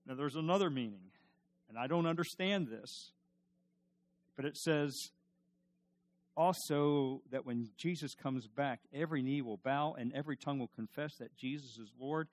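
A male pastor preaching a sermon emphatically, repeating his questions and swinging from loud to hushed. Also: medium pitch, normal speed.

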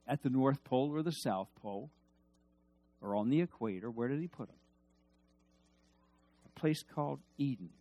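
A male preacher giving a sermon, swinging between loud emphasis and hushed asides and leading the congregation in call-and-response. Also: medium pitch, animated, normal speed, long pauses, no room sound.

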